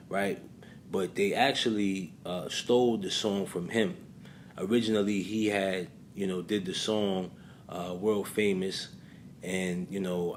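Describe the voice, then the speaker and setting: A man's voice: low voice, slight background noise. A man hosting his channel, telling a story in loose casual commentary full of fillers. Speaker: channel host.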